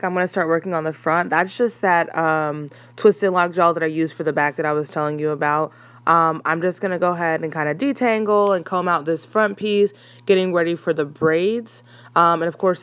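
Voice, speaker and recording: Young woman, low-ish voice, casual tutorial voice-over, chatty, relaxed, filler words. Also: no room sound. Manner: chatty, relaxed, with frequent ums. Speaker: hair tutorial vlogger.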